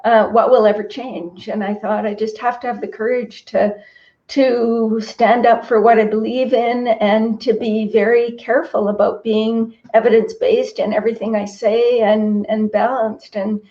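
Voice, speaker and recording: A woman's voice: a little high, level tone, normal speed. A middle-aged woman from Canada, a registered dietitian and author, speaking earnestly and reflectively as a guest in a video-call interview. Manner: earnest, reflective, moved to tears at moments. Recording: slightly dull lo-fi audio.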